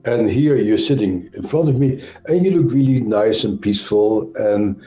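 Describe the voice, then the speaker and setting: Mellow Dutch-accented man explaining slowly. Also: fairly low pitch, echoey room. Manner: thoughtful, halting, frequent "uh" and self-corrections. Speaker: interview guest, trauma expert. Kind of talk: conversational explanation.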